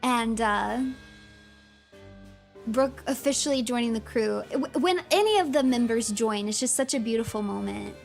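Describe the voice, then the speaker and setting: Woman, streamer, excitable gushing chatter, fairly high voice, quiet music behind. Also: moderate pace, creaky. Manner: excitable and gushing, laughs often, many fillers. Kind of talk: livestream commentary.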